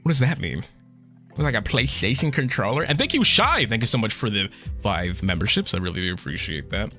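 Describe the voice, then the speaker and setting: A VTuber streamer chats casually with his viewers, emotional, choked up, and fighting back tears while swearing often, trailing off and starting again. His voice is fairly low, brisk, and sharp, with faint music behind.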